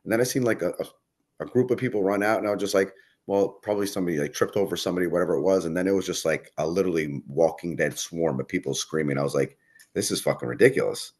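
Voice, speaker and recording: A man's voice: sits low, steady tone, fast, darkish tone. A man chatting casually as a podcast guest, telling a rambling story and swearing often. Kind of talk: casual chat.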